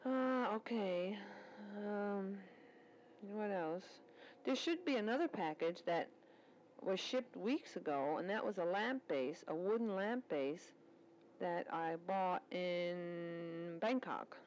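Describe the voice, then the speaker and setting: A woman's voice: on the low side, slow pace, a little mellow, highs cut off, a little hiss or hum. A woman recording a spoken letter, chatting in a rambling, storytelling way about her work at a military service club.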